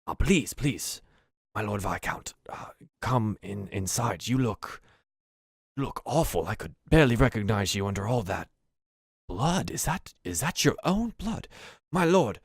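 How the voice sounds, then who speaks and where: A man's voice: on the low side, very animated, a little slow, breathy edge, no room sound, clean studio sound, heavily acted. A man voicing a fussy, servile old male goblin butler with a snobbish, fretting manner. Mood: fretful. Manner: fawning, fretful, snobbish.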